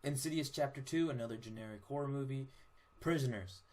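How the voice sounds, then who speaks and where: A man's voice: mid-range voice, fast talker, darkish tone. A young man casually reviewing movies on his own channel, blunt and profane, with frequent restarts.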